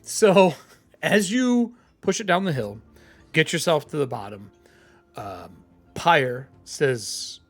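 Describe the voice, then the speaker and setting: A man's voice: sits high, very animated, slow, faint music behind. A man running a tabletop game as game master, narrating casually, swearing freely and laughing as he talks.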